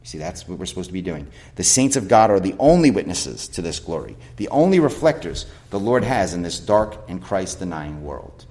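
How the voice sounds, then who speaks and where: A man's voice: deep voice, big pitch swings, brisk, hardly any pauses, a little mellow. A man preaching a sermon as pastor, emphatic, with rhetorical questions and quoted scripture.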